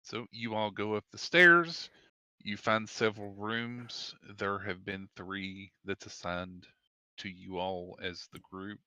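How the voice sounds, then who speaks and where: A man narrates a tabletop game as game master in a low, bright, forceful voice. He describes each scene at length, and the dry recording leaves his voice close and clear. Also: slow, no room sound. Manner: descriptive, with fillers and restarts.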